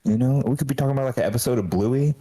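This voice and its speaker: A man co-hosting a casual podcast, telling animated stories and acting out lines in quotes. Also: mid-range voice, racing, slightly rough, low-quality recording. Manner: animated storyteller, acts out voices in quotes. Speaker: podcast co-host. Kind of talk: casual chat.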